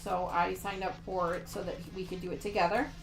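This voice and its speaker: A woman's voice: lowish voice, level tone, brisk, vocal fry, music in the background. A woman hosting a quilting livestream, chatting casually and gushing over her projects while answering viewers. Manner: gushing and chatty, reads viewer comments aloud.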